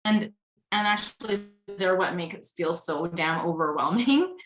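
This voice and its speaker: A woman with a somewhat low voice joins a video call conversation as a guest. She talks candidly and at length, circling back on her thoughts. She drops in casual swearing. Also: measured pace, fairly bright tone, low-quality recording.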